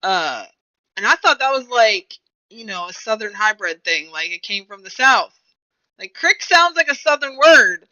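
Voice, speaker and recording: A woman's voice: medium pitch, big pitch swings, unhurried, sharp tone. A young woman streamer chatting casually and rambling to herself while she plays a game. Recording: dull lo-fi recording.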